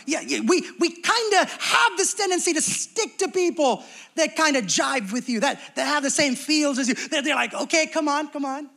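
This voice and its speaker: A man's voice: very high voice, a bit bright. A young adult man preaching a sermon as pastor, talking conversationally and acting out little quoted exchanges.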